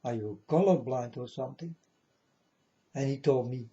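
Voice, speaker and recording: A man's voice: medium pitch, normal speed, long pauses, mellow, highs cut off. A man talking straight to his viewers in a rambling, earnest monologue, calling them folks and insisting he is serious.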